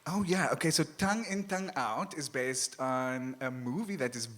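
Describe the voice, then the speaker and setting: Cape flats south african guy w/ a slight lisp, bright forceful voice, chatty and animated on a festival panel. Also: medium pitch, normal speed. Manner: animated, laughs often, acts out voices. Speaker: author guest. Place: live event stage.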